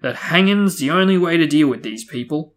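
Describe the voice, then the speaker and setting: A man reading aloud and voicing a blustering, bullying middle-aged uncle who snarls threats, a little louder and higher than his own voice. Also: normal speed, lightly acted. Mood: gruff.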